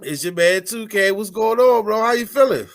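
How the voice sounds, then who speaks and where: A man's voice: high-pitched, animated, normal speed. Hyped, profane podcast host man. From Washington DC area. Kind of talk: casual chat.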